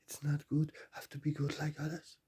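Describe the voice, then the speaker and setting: Husky, mellow-voiced male spiritual teacher. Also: a little high, monotone, fairly quick. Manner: repetitive, emphatic, rising to loud bursts. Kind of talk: spiritual talk.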